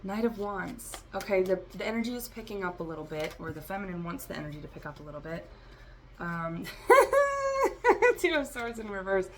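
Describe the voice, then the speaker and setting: A woman's voice: fairly low pitch, fast, a little hiss or hum. A woman giving a rambling, free-associating tarot reading for a vlog, talking straight to her listeners. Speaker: tarot reader.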